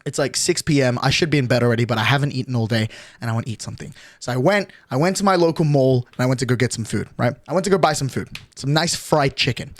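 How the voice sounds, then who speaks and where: A man's voice: medium pitch, no room sound. A young man telling a long story on a live stream, rambling, swearing freely and checking in with "okay?" every few lines. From Australia. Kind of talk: casual chat, storytelling.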